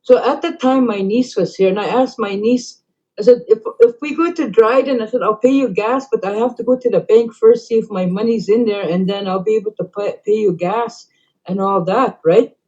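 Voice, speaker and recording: A middle-aged woman telling a long story in casual talk, rambling with many fillers and dropping to quiet asides. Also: mid-range voice, normal speed. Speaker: band councillor. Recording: dull lo-fi recording.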